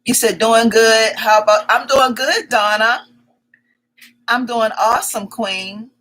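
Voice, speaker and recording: A woman hosting a casual livestream, chatting and greeting viewers one by one, repeating her welcomes in quick strings. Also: a little high, a bit bright, poor audio. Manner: greets viewers by name as their comments arrive. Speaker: livestream host. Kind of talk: casual live-stream chat.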